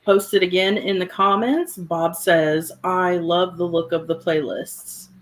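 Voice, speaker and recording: A woman's voice: fairly low pitch, steady tone, slow. A woman co-hosting a livestream, chatting casually and laughing easily as she posts links for viewers. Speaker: co-host and early reader.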